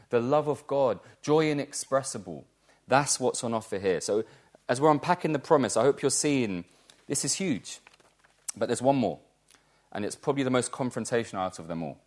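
Male preacher, mid-pitched, earnest and emphatic, church sermon. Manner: earnest, emphatic, repeats key words for stress.

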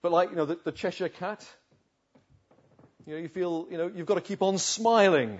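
A man preaching a sermon, swinging from loud urging to hushed, slow pleading. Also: sits high. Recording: dull lo-fi recording.

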